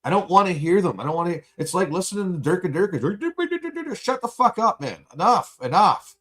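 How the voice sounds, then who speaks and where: A man venting in a profane, angry livestream rant, buzzed and high. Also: sing-song, fairly quick, a bit bright.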